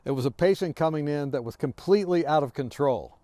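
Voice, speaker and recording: Brief: earnest male devotional speaker, slightly high voice, dry close sound. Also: fairly quick, dry recording. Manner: earnest, sinks to a hushed near-whisper. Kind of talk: devotional storytelling talk.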